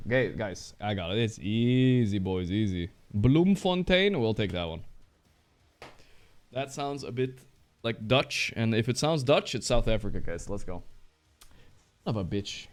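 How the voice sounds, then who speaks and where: A male streamer chatting casually while he plays, excitable and trash-talking, swearing often. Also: mid-range voice. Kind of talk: casual live-stream chat while playing.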